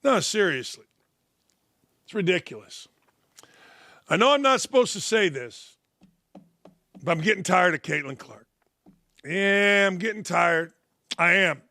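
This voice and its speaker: A man's voice: high-pitched, lively intonation, unhurried, long pauses, sharp tone, no room sound. Blunt, sarcastic older Midwestern man. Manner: blunt, sarcastic and heated, acts out anecdotes. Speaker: sports talk show host. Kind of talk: opinionated sports talk monologue. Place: studio.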